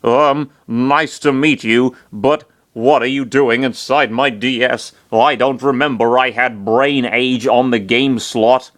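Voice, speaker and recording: Male reader as young gamer hero, near his own voice, slow earnest delivery. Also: mid-range voice, fairly even intonation, natural voice. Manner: slow, earnest, a bit sarcastic.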